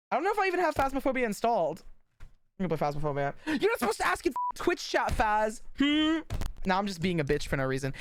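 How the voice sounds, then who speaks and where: A woman's voice: medium pitch, dry recording. A woman livestreaming, chatting casually with her viewers in a blunt, rambling way and swearing often. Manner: blunt, swears a lot, rambles and talks to chat.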